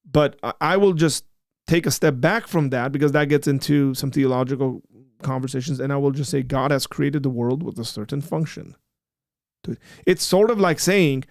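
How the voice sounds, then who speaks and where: A man's voice: mid-range voice, dry recording, studio quality. A man hosting a discussion show, explaining patiently and turning blunt and emphatic when he rebuts an argument. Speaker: apologetics show host. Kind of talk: livestream discussion.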